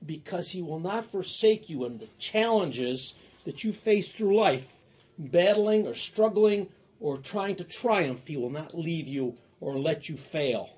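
A man's voice: on the high side, expressive, unhurried, a little mellow, husky, lo-fi sound. A man pastor teaching a Bible study, emphatic and repeating phrases for stress. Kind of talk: teaching sermon.

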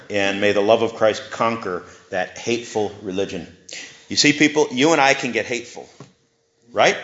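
A man's voice: fairly low pitch, a bit bright. A man preaching a sermon and leading prayer, earnest, with rising bursts of fervent emphasis. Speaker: pastor. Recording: roomy, slightly dull sound.

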